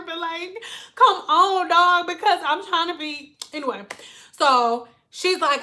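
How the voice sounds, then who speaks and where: Animated, profane woman from Detroit. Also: high voice, normal speed. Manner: animated, profane, thanks donors mid-story. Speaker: hairstylist and livestream host. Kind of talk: livestream storytelling.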